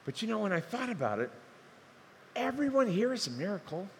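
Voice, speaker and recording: Older pastor in a reverberant hall. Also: male voice, high voice, a little fast, vocal fry, slight background noise. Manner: animated, conversational, acts out dialogue with humor. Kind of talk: sermon storytelling. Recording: long hall reverb, faint ambience.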